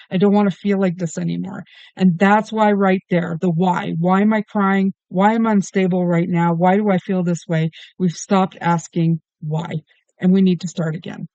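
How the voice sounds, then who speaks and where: High-pitched male tarot reader, earnest and emphatic, dry close sound, slightly dull audio. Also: steady tone, moderate pace, creaky, a little mellow, no room sound. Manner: earnest, emphatic, keeps asking why. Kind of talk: solo tarot reading monologue.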